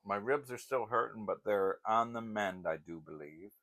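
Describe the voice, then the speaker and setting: A man's voice: lowish voice, normal speed, a bit bright. An older man vlogging in a casual, rambling chat, wandering from one story to the next.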